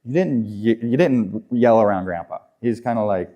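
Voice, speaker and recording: A man's voice: lowish voice, moderate pace, muffled recording. Conversational male preacher, stumbling restarts. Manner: conversational preaching with frequent repeats and restarts, acts out quotes. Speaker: pastor. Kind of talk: sermon.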